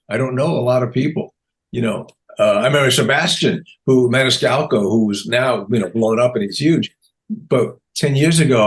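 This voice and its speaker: A man in his sixties, a comedian guest in an interview, telling anecdotes animatedly, acting out quotes and often laughing. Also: medium pitch. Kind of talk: casual interview storytelling.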